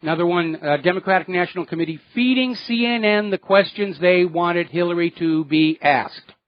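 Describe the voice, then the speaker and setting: A man's voice: high-pitched, normal speed, no echo, highs cut off. A man hosting a political talk radio show, delivering indignant, sarcastic commentary.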